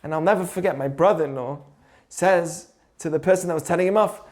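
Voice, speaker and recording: A man's voice: a little high, brisk, a little mellow. A man giving an informal teaching talk on Jewish ethics, telling stories and asking rhetorical questions. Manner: conversational, asks rhetorical questions, tells stories.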